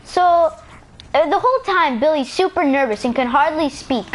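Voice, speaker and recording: A woman's voice: sits high, moderate pace, a little hiss or hum. A young woman rambling through a story with many fillers and restarts in casual game voice chat on a headset. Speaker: player in team voice chat.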